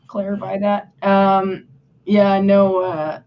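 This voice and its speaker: A woman's voice: mid-range voice, completely flat delivery, slight background noise. A woman hosting a livestream in casual chat, laughing often. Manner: laughing, slow drawling talk. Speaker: livestream host. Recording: dull lo-fi audio.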